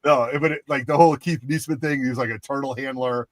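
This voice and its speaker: A man's voice: mid-range voice, fast, no echo. A man co-hosting a casual talk show, telling a funny story and acting out the quotes. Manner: animated, acts out quotes. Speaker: podcast co-host.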